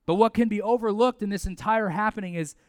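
Guy preaching, high smooth voice, chatty and lively, dry close sound. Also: fast talker, no room sound. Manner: conversational, animated preaching with asides and repetition. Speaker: pastor. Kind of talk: sermon.

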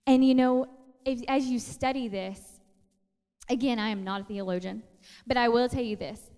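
A woman's voice: on the high side, normal speed, long pauses, clear, resonant tone, big-room sound. A woman in her thirties giving a casual, chatty sermon, acting out quotes as she tells stories. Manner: chatty, animated storytelling with acted-out quotes. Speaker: preacher.

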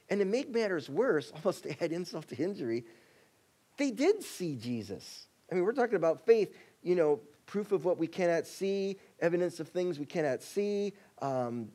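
A male pastor preaching a sermon in a conversational way, acting out quotes and shifting between excited bursts and quiet, soft passages. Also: a little high. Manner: conversational preaching, acts out quotes, rising and dropping to a hush.

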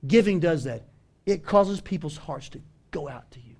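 A man with a Southern US accent preaching a sermon as pastor, animated and emphatic, calling on the congregation to respond. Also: on the high side, moderate pace. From American South.

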